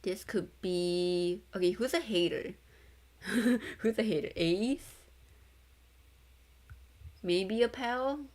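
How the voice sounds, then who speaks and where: A woman's voice: a little high, takes it slowly, pauses often, a little mellow. A young woman VTuber reading a novel aloud in a casual read-along, stumbling, correcting herself and breaking into chatter.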